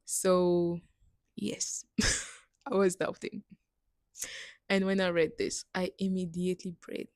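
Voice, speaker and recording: A woman's voice: fairly low pitch, level tone, takes it slowly, pauses often, a little mellow, no echo. Earnest woman sharing a faith story. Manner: earnest, emotional, laughs between lines. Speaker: missionary sharing testimony. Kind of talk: personal faith testimony.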